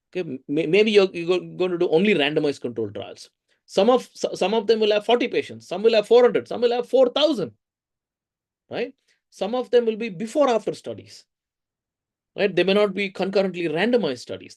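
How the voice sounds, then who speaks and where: Indian man lecturing lively, slightly high. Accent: Indian English. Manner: lively, conversational, asks the audience questions. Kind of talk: teaching a research methods course.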